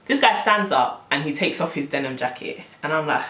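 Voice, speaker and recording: A young woman telling a story on her vlog, animated and exasperated, full of slang. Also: sits low, brisk, few pauses, recorded from a distance. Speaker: vlogger. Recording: roomy, camera set back.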